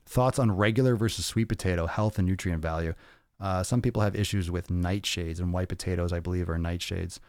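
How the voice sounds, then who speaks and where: Deep-voiced man hosting a casual livestream. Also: steady tone, fairly quick, darkish tone, no echo, studio quality. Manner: loose and profane, jokey, reads comments aloud. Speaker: podcast host.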